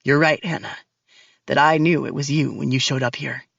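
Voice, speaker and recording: A woman voicing a violent, cold young man who speaks low and threatening, panting as he talks. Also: fairly even intonation, moderate pace, gravelly, breathy edge, dry recording, highs cut off, full character voice. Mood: bitter.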